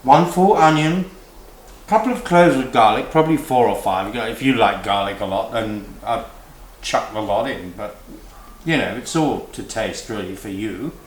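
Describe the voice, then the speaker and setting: A theatrical man co-hosts a home cooking segment with a playful, camp manner. His voice rises and falls expressively. It is recorded in a boomy kitchen with the clink of dishes and pots behind him. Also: lively intonation, normal speed, slight background noise. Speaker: cooking show co-host. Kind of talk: camp comic cooking demonstration. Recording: echoey kitchen with clattering pans. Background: dish and pan clatter.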